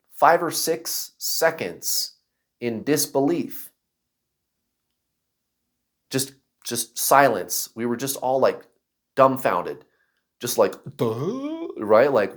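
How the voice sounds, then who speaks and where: A man casually telling a personal story to camera, acting out other people's voices and shouts. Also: mid-range voice. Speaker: vlogger.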